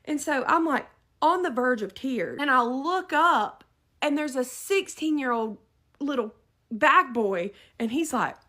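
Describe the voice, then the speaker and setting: A woman giving an animated, dramatic storytime narration. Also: high-pitched, a little slow.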